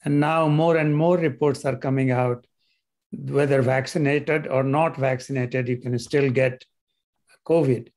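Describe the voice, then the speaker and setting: A man speaking as a panel guest, hesitant and halting, with many fillers. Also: mid-range voice, steady tone, darkish tone. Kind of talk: panel discussion.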